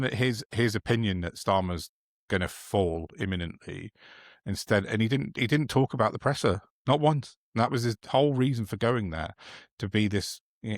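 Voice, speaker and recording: A man's voice: lowish voice, no echo, clean studio sound. An English man co-hosting a political podcast, talking casually and reading out quotes with plenty of ums and restarts. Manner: hesitant, reads out quotes with many fillers. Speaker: podcast co-host.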